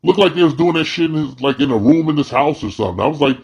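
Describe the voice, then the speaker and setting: A man's voice: fairly high pitch, expressive, fast talker, gravelly, breathy edge, highs cut off. A man commentating in a blunt, profane, heated casual rant. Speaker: video commentator.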